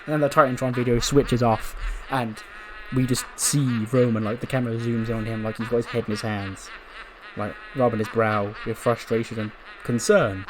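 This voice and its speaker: A man's voice: mid-range voice, normal speed, background noise. Man narrating a wrestling sim game. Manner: lively storytelling, acting out characters. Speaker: game commentator.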